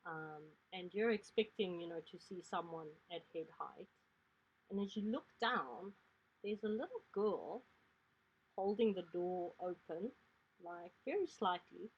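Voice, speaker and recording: A woman's voice: lowish voice, lively intonation, measured pace, slightly rough, muffled recording. A woman narrating as game master in a tabletop game, talking in a rambling way full of fillers.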